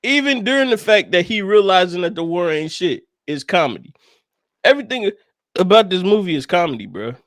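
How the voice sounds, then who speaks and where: A man's voice: high voice, very animated, fairly quick, fairly bright tone, dry recording, clean studio sound. A man co-hosting a podcast, talking animatedly and profanely about a movie and laughing often. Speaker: podcast co-host. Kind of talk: casual movie review chat.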